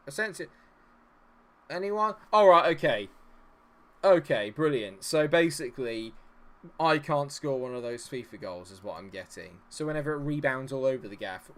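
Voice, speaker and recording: Exasperated man with a lively voice. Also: medium pitch, a little hiss or hum. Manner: exasperated, swearing, talks at the players on screen. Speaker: game streamer. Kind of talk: live commentary on his own gameplay.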